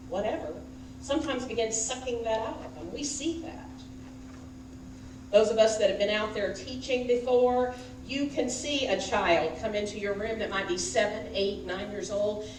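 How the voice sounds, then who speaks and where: Slow, echoey woman preaching. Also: mid-range voice, background noise. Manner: conversational, questions the congregation directly. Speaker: minister. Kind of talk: sermon. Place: church sanctuary. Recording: echoey hall, picked up from a distance.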